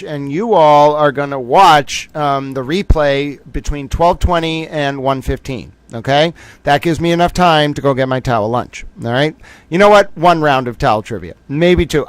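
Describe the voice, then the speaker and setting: A man hosts a livestream about a trial, chatting casually with viewers in a rambling, jokey, self-mocking way. His voice is a little high, clear, and resonant, with no room sound.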